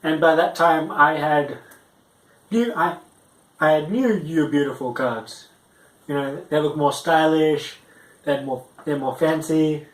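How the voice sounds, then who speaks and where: A young man tells a rambling comic story on stage, stumbling through restarts and fillers. His delivery is halting and casual, and the sound carries a roomy echo. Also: a little high. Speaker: stand-up comic. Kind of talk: storytelling stand-up.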